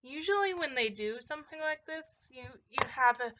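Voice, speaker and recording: Bright-voiced chatty young woman. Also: sits high, animated, normal speed, dull audio. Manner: rambling, chatty, with frequent fillers and laughs. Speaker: vlogger showing a movie collection. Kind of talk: casual chat.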